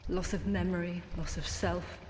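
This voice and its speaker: An actress voicing a solemn, cursed woman in a game who speaks gravely and earnestly about keeping her sense of self. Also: fairly low pitch, steady tone, normal speed, a little mellow, slight background noise, lightly acted. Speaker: game character. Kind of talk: game dialogue. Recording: roomy echo with long reverb.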